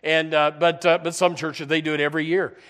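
A man's voice: fairly high pitch, level tone, brisk, fairly bright tone, smooth. A male pastor preaching a folksy sermon and breaking now and then into mocking put-on voices.

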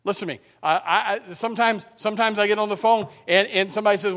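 A man's voice: sits high, fairly even intonation, fast talker, hardly any pauses, a bit bright. A middle-aged male pastor preaching a sermon in a folksy manner, repeating words and joking with his congregation.

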